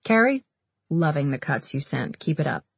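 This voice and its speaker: A man's voice: a little high, sing-song, moderate pace, creaky, breathy edge, no room sound, heavily acted. Woman reading as a breezy, brash male director. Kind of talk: audiobook character voice.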